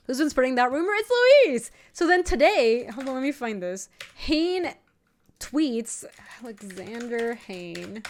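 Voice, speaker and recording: A young woman streamer chatting casually while playing a card game, telling an animated story with laughing asides. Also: on the high side, measured pace. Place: home streaming setup.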